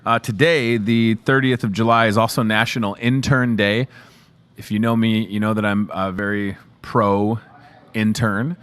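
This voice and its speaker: A man's voice: on the low side, steady tone, moderate pace, fairly bright tone, smooth. A man in his thirties hosting a local morning show, chatting casually and joking with the crew while showing products. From Chicago area. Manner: chatty, upbeat and joking, talking to the camera and crew. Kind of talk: casual live show chat promoting store products.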